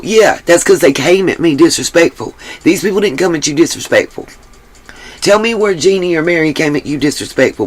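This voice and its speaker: A woman's voice: low-pitched, lively intonation, brisk, darkish tone, breathy edge. A woman hosting her own livestream, talking bluntly and emphatically and swearing freely. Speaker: livestream host. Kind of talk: livestream commentary.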